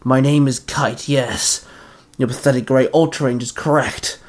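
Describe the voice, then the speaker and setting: A man's voice: mid-range voice, fairly even intonation, moderate pace, natural voice. A man doing Kite, a growling villain. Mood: menacing. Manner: growling, scornful. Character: villainous man bent on wiping out humanity.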